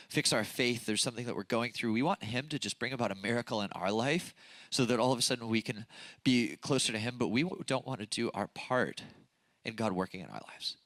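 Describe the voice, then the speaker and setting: A man's voice: medium pitch, fairly bright tone, dry recording. A young man with a nasal voice from a broken nose, giving a casual, chatty youth sermon full of fillers and self-deprecating stories. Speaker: youth pastor. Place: church youth service stage.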